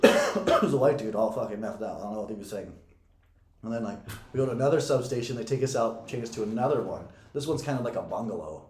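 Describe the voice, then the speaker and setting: A man's voice: fairly low pitch, animated, quick pace, a little mellow. A young man and podcast co-host casually telling a story, profane and often laughing. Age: young adult. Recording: echoey room.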